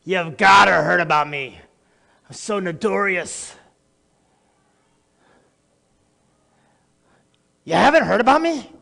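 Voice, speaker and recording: Performing a theatrical monologue, a man plays a notorious male criminal who boasts manically and erratically while speaking straight to the audience. He uses a full character voice that is high-pitched, gravelly, pushed and bright, with lively intonation at a moderate pace. A long, echoey hall reverb surrounds the recording.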